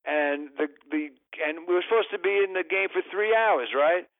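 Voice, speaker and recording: An older comedian, a guest on a radio interview, tells a long rambling story in a high, creaky voice at normal speed. He breaks off mid-sentence and throws in exasperated asides, and the recording is dry with phone-quality sound.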